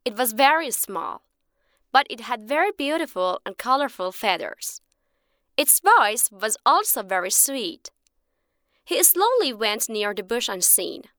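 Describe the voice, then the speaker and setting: A woman narrating a textbook short story in a clear, expressive, teacherly way. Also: on the high side, unhurried, no room sound, studio quality.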